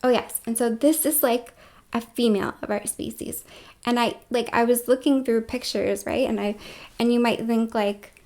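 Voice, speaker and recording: A woman's voice: on the high side, steady tone, moderate pace, a little mellow. Rambling woman with whispered asides. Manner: rambling, heavy filler words, dips into whispered asides. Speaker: vlogger. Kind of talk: casual rambling monologue to camera.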